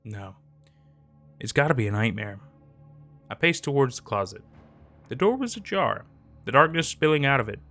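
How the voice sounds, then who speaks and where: Bright, animated man narrating horror. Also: mid-range voice, brisk, long pauses. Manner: dramatic, tense storytelling. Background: faint background music.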